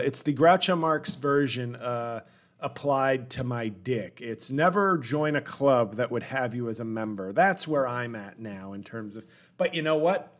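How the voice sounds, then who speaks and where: A man in his forties hosting a comedic solo podcast, rambling and self-deprecating, with wry asides to his listeners. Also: mid-range voice. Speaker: podcast host.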